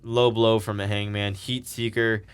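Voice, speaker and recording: A man with a fairly low, smooth and clear voice talks through a recap in a loose, chatty way. He rambles a bit, restarting sentences and tossing in "like" and "um" as he goes. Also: little pitch movement, moderate pace. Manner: rambling, filler-heavy recapping with laughs. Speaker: podcast co-host. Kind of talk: casual recap chat.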